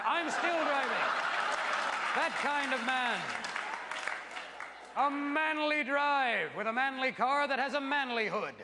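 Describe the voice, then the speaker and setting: A brash man tears through a stand-up routine on stage, his voice pitched fairly high and carried into a big echoing hall. Loud laughter from the crowd keeps washing over the live recording. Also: unhurried, very noisy. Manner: brash, animated storytelling with sudden put-on voices. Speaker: stand-up comedian. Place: large theater stage before a live audience. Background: loud audience laughter.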